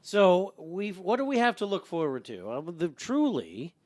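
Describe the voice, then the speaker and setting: A man co-hosting a casual podcast, chiming in with playful jokes and quick asides. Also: high-pitched, huge pitch swings, dry recording. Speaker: podcast co-host.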